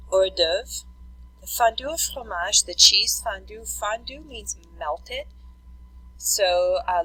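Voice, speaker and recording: Woman teacher, slightly low and bright, walks a class through vocabulary step by step. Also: slightly rough, poor audio. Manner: explanatory, repeats terms slowly for note-taking. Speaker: French teacher.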